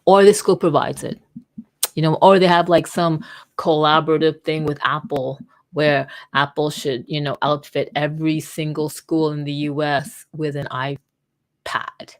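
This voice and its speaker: Woman, lowish voice, casual rambling livestream, self-interrupting, desk mic, keyboard clicks. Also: flat delivery, unhurried. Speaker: vlogger and livestream host. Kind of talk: casual livestream while typing. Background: keyboard typing.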